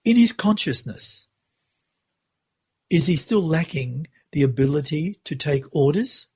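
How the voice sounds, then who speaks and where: A man voicing his jovial older father from another world, asking in a high, amused tone. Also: expressive, unhurried, a little mellow, husky, muffled recording. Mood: fondly amused.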